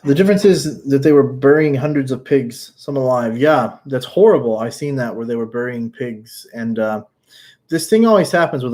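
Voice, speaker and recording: A man's voice: medium pitch, animated, normal speed, darkish tone. A man from the United States, talking casually on a livestream and answering chat with blunt, outspoken remarks and casual swearing. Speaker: YouTuber answering live chat.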